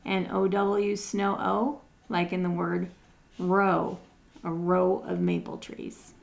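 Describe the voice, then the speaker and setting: A woman teaching phonics, sounding out words one at a time in a patient, drawn-out way as she reads through a lesson. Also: lowish voice, little pitch movement, creaky, muffled recording. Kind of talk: slow phonics lesson reading.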